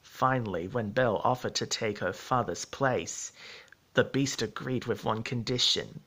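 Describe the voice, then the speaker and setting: Male storybook narrator, middle pitch, measured steady read.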